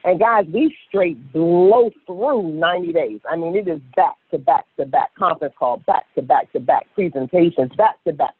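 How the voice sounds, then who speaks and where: A woman speaking as a sales director on a motivational conference call, excitable and gushing, often repeating herself. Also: fairly low pitch, moderate pace, few pauses, breathy edge, no room sound. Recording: tinny phone line.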